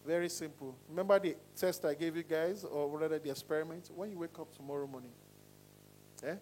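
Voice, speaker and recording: A man leads a singing lesson, speaking in a fairly high voice. He swings between loud and quiet to demonstrate ideas and keeps checking that the class is following. A faint hum sits under the recording. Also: brisk, low-quality recording. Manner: animated, demonstrating voices with sudden pitch swings. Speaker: singing coach.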